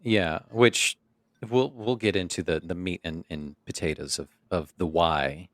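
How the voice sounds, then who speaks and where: Jokey low-voiced podcast co-host. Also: male voice, unhurried, a bit bright, no room sound, clean studio sound. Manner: jokey, playful, laughs often. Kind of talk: casual chat.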